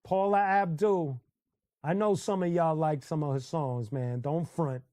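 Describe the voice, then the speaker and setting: This host of a casual live stream speaks on the high side at a moderate pace, recorded clean in a studio with no echo. He's an animated storyteller who chats loosely, breaks into sung snippets, and laughs often.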